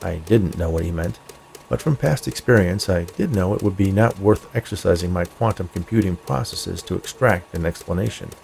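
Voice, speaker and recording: A man reading a story aloud in a dry, measured narrating manner. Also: sits low, vocal fry, darkish tone, a little hiss or hum. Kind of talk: scripted narration.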